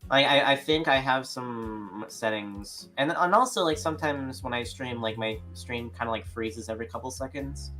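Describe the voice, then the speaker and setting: Male guest, bright voice, halting delivery with lots of restarts, faint music behind. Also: mid-range voice. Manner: halting, many restarts and filler words. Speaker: podcast guest. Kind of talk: casual chat.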